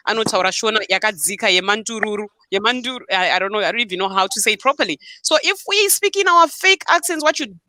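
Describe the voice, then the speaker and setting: A woman's voice: medium pitch, sharp tone, no echo. A woman hosting a live online show over a video call, speaking firmly to her viewers and mixing Shona into her English. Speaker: host.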